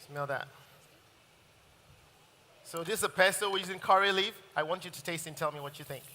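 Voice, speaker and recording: Male chef, live demo, upbeat, high and bright, reverberant hall. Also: brisk. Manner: enthusiastic, talks while cooking. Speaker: chef giving a cooking demonstration. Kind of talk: live cooking demonstration. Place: large hall at a live event.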